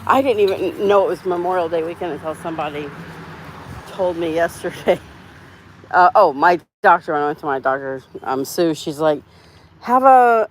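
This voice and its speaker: Woman host, live stream walk, chatty, laughs a lot, lowish voice, outdoors. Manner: chatty, reads out viewer comments, laughs often. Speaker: dog channel host. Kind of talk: casual live stream chat while walking dogs. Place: outdoors on a sidewalk.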